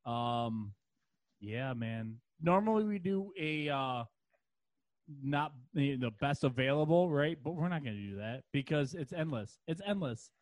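A man hosting a casual podcast, relaxed and chatty with his friends. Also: mid-range voice, unhurried, no room sound. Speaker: podcast host. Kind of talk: casual chat.

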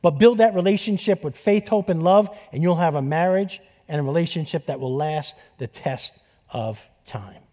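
A middle-aged pastor with a slightly high, mellow voice preaches a sermon in a church at a moderate pace. His delivery is conversational, with jokes and key phrases repeated for emphasis.

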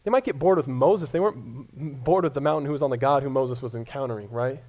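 Speaking fast in a medium-pitched, slightly mellow voice, a young Colorado pastor preaches with a relaxed, self-mocking style. He keeps stammering and restarting what he says.

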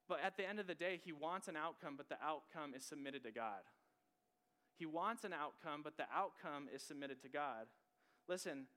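Earnest young pastor with a smooth voice. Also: male voice, a little high, bright, forceful tone. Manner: earnest and conversational, with frequent "like" fillers and repeated key phrases. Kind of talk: sermon.

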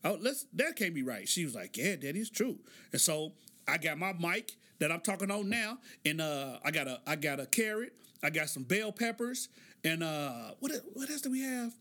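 Middle-aged man, high bright voice, loose comedic podcast monologue. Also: sing-song, normal speed. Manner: joking, loose storytelling with laughs. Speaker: podcast host.

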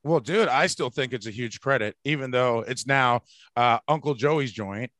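A man hosting a podcast in casual chat, rambling and profane, laughing loudly. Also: mid-range voice, normal speed, dry recording. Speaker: podcast host.

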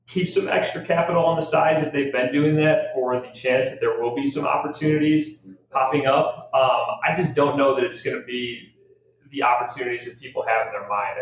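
Male guest with a measured, hedging delivery. Distant, heavily echoing audio with a dull tone. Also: mid-range voice, slight background noise. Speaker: real estate guest. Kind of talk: casual podcast interview. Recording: distant mic in a very echoey room, dull.

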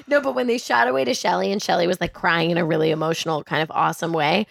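A woman co-hosting a podcast, recapping a TV episode in casual chat, animated and swearing freely. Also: on the low side, quick pace, creaky, no echo, studio quality. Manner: animated, swears often, acts out quotes in retelling. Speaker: podcast co-host.

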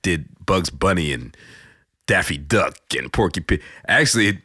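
A middle-aged man from St. Louis with a very deep voice, telling stories animatedly in a casual podcast chat and slipping into voices. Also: measured pace, breathy edge, dry recording, studio quality. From St. Louis, Missouri. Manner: animated storyteller, breaks into voices and laughs. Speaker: voice actor guest.

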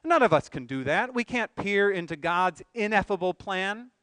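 A man's voice: high voice, animated, normal speed, fairly bright tone, dry recording. A man preaching a sermon as pastor, earnest, asking rhetorical questions and pressing his points with emphatic swells.

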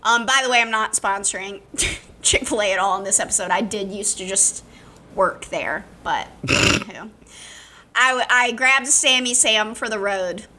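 Bright, punning woman podcast host. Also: mid-range voice, moderate pace, slight background noise. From Alabama. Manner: playful, punning, self-mocking storyteller. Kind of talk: casual chat.

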